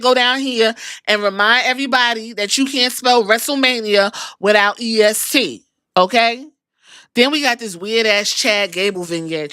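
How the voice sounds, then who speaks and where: A woman's voice: a little high, pushed and bright, dry recording, studio quality. A woman podcast host giving a sassy, profane, chatty recap of a wrestling show.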